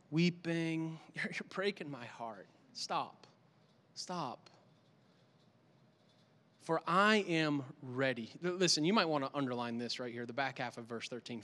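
A male pastor giving an animated, conversational sermon in a church, with lots of repetition for emphasis. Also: on the high side. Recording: long hall reverb.

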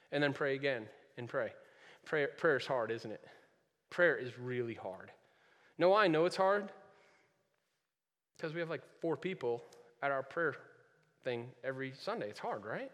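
A man preaching a sermon to his congregation, moving from quiet earnest passages to loud emphatic ones and repeating key phrases. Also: sits high. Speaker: pastor. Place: church sanctuary. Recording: long reverb of a large hall.

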